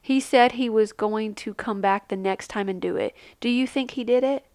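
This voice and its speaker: A woman in her thirties, a mother, chatting casually in a vlog and giving tips with an animated, storytelling manner. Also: moderate pace, dry recording. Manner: chatty, animated, acts out quotes with big pitch jumps. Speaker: family travel vlogger, mother.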